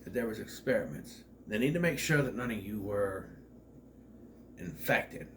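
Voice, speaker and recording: A man rambling through a casual spoiler review of a horror movie, forgetting character names and clearing his throat. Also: fairly low pitch, animated, normal speed, slight background noise.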